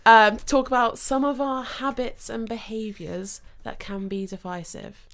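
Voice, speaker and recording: A woman's voice: on the high side, fairly even intonation, normal speed, fairly bright tone. A woman hosting a radio show in a studio, playful and teasing in casual chat. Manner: playful, teasing, laughs between lines. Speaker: radio host.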